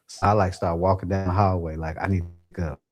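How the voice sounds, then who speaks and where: Animated laughing man telling a story. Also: deep voice, quick pace. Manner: animated, laughing, acts out quotes. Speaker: podcast co-host. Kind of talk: casual storytelling.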